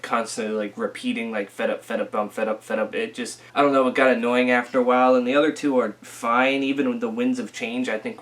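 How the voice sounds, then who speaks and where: A young man giving a casual, rambling album review, full of fillers and restarts, a little rough from a recent illness. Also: medium pitch, a bit bright. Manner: rambling, filler-heavy, self-correcting. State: recovering from illness, occasional coughing.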